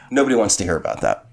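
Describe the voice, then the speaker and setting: A man from New Jersey co-hosting a casual podcast, telling stories with lively swings in delivery. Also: lowish voice, gravelly. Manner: animated storyteller, big swings for quoted lines. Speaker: podcast co-host. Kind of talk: casual chat.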